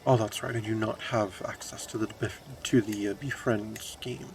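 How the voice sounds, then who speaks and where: A game streamer narrates a strategy game playthrough, dryly playing his medieval ruler and reading the event text out loud. His fairly low voice stays fairly even at a moderate pace, with vocal fry and a little hiss or hum on the recording.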